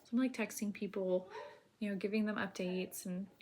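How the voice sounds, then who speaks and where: A woman telling her own birth story in casual, rambling speech full of filler words, now and then dropping to a soft near-whisper. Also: medium pitch, fairly even intonation, normal speed.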